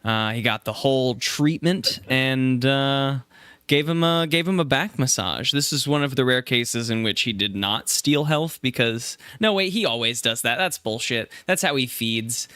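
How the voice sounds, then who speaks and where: Bright, crisp-voiced man rambling casually. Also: medium pitch, lively intonation, unhurried, no echo. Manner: rambling, self-correcting, many fillers. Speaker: tabletop game player. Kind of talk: casual chat about his character.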